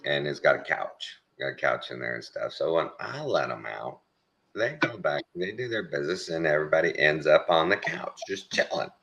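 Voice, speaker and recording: A man hosting a casual chat, telling animated stories and laughing often. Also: very deep voice, moderate pace, gravelly, lo-fi sound, slight background noise. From Texas. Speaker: host.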